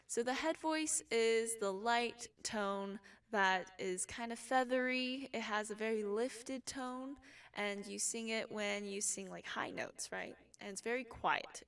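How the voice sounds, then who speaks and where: A young woman teaching a casual singing lesson, explaining calmly between sung examples. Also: on the high side, smooth, distant mic. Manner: relaxed explaining, with sung demonstrations. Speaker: vocal instructor.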